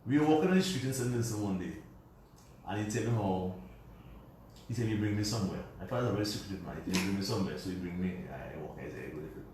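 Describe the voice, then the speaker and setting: A man's voice: low-pitched, animated, fast, noisy background. A man from Dominica, a guest on a radio show, telling a personal family story in a meandering, colloquial way. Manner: puts on his father's voice when quoting him. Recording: very roomy recording from a distance.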